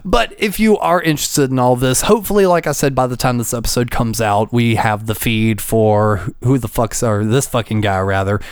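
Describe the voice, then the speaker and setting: A man's voice: medium pitch, moderate pace, few pauses, clear, resonant tone, dry recording, clean studio sound. A man hosting a podcast in loose, profane casual chat, laughing often. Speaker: podcast host.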